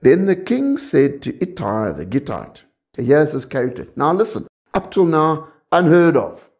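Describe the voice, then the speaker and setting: A man's voice: a little high, very animated, a little slow, a little mellow. A man preaching a sermon, talking conversationally and often checking in with the congregation.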